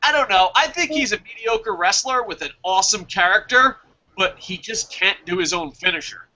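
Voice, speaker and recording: High bright-voiced man ranting on a podcast. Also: normal speed. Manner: profane, ranting, animated. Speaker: podcast co-host. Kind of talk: casual wrestling chat. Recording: dull lo-fi audio.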